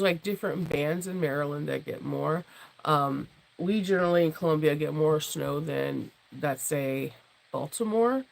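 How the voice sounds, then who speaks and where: A woman who hosts a sewing channel and teaches sewing chats with viewers in a casual livestream from home. She is losing her voice, so it comes out low and husky, which she calls her jazz voice, and she rambles on with lots of restarts, fillers and laughs. The recording is rough.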